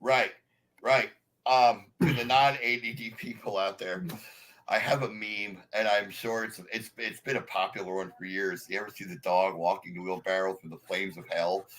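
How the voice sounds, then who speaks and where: A man chatting as a podcast guest, telling lively stories and acting out other people in sudden high voices. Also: moderate pace, poor audio. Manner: animated storyteller, acts out quoted people in high voices. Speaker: podcast guest, wrestling announcer. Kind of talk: casual chat.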